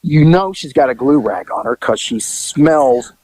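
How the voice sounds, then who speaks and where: A man's voice: medium pitch, lively intonation, unhurried, darkish tone, no echo. An older man, a former detective, telling rambling, profane anecdotes in casual chat. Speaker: retired detective telling stories. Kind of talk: casual storytelling.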